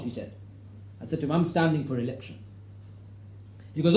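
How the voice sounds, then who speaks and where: A middle-aged man giving a storytelling talk to an audience, acting out the quoted voices and rising to loud, emphatic points. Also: on the high side, a little fast, long pauses, reverberant. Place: hall with an audience.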